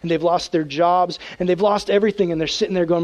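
Speaking fast in a high-pitched voice, a youth pastor delivers a casual, animated sermon to teenagers. At times he acts out prayers in a hushed tone.

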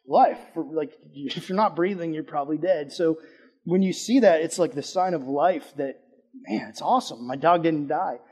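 A man's voice: fairly high pitch, moderate pace, husky. A man preaching a casual sermon, chatty and conversational, asking the audience questions and telling a personal story. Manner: lively, swings between loud emphasis and hushed asides.

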